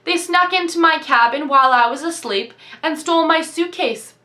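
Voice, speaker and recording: A woman's voice: high voice, normal speed, sharp tone, roomy sound, pitched above the performer's own voice. A woman reading aloud and voicing a cold, defensive female warden. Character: cold, lying female prison-camp warden.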